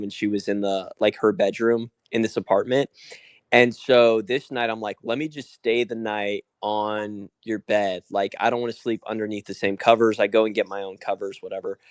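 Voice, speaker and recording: A man's voice: lowish voice, clean tone, no room sound. A young man casually telling a long story on a live call, rambling with lots of "like" and acting out what people said. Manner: rambling, full of "like" and acted-out quotes.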